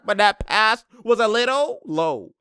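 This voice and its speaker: A young man reacts to basketball footage in loose, slang-heavy commentary, laughing a lot and jumping into squeaky impressions of players. His voice sits a little high and sounds bright and clean. The recording is close and dry. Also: big pitch swings, takes it slowly, clear, resonant tone, no room sound.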